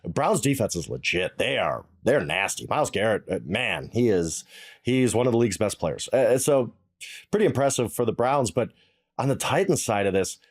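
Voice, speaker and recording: A middle-aged man co-hosting a casual sports analysis chat, emphatic and exasperated, thinking out loud. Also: on the low side, sing-song, moderate pace.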